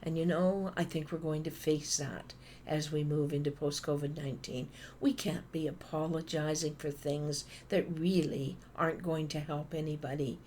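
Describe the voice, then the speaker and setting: Lively Canadian woman giving a talk. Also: sits low, moderate pace, a little hiss or hum. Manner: animated storytelling with playful asides. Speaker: speaker. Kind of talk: motivational talk.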